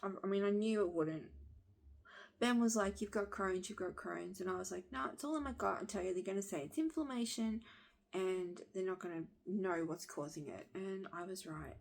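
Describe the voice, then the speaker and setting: A woman in her thirties with a husky voice, bluntly venting her frustration to the camera and swearing along the way. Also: mid-range voice, moderate pace, a little mellow. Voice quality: husky smoker-like voice. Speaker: vlogger.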